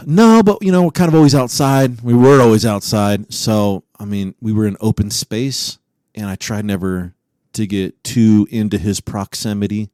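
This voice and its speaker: A young man co-hosting a podcast, telling a crude story with lots of swearing and jumping into a high voice for quoted lines. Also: normal speed, mellow, dry recording, clean studio sound. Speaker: podcast co-host. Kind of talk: crude casual podcast chat.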